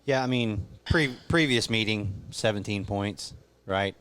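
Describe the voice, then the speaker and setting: A man's voice: fairly low pitch, a little slow, noisy background. A man co-hosting a sports podcast, making confident picks with joking banter. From Kentucky. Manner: confident, joking, laughs often. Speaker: podcast co-host.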